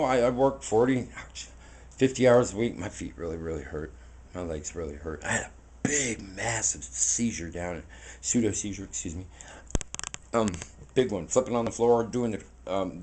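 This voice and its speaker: A man's voice: fairly low pitch, darkish tone, a little hiss or hum. Rambling, earnest man in his forties. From United States. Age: 40s. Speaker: vlogger. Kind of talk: casual walking monologue to camera. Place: outdoors on foot. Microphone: handheld camera mic.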